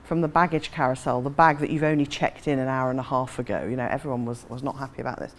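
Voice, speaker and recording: A woman in her forties, an author, tells a self-mocking anecdote and laughs often. Her bass voice moves quickly with fairly even intonation.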